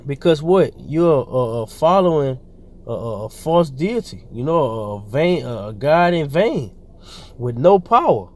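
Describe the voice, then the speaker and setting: A man with a somewhat high voice preaching informally. He reads scripture aloud, then breaks into slangy, rambling commentary full of fillers and restarts. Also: very animated, unhurried.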